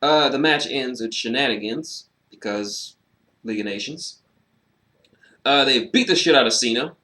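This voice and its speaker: Here a man with a medium-pitched voice, speaking at normal speed, reviews a wrestling show solo. The delivery is casual and animated, with sarcasm, unrestrained swearing, and frequent fillers.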